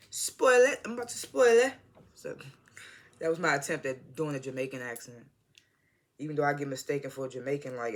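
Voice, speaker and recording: A bright, forceful voice from an American vlogger, talking straight into a phone mic indoors. The delivery is loose and rambling, heavy on slang, asides and quick self-corrections, like an off-the-cuff episode review. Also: mid-range voice. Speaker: TV show reviewer. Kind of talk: casual rambling video review.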